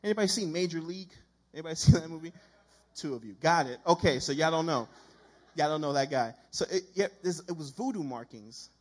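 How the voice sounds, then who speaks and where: Male preacher, husky and fairly high voice, telling a story from the pulpit in a loose, chatty, animated way. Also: a little fast. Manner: conversational, animated, acts out quoted dialogue. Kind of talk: storytelling sermon.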